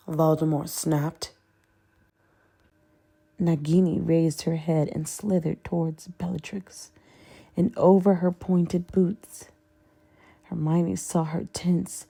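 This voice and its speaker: Slow, gravelly woman narrating a story. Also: fairly low pitch, steady tone, dark tone. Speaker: audiobook narrator. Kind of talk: audiobook fanfiction reading.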